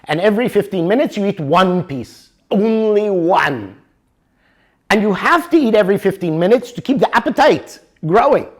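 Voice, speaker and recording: An older man teaching a motivational workshop, animated and always checking for agreement with the audience. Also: high-pitched, moderate pace. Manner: animated, keeps asking for agreement. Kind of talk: workshop lecture.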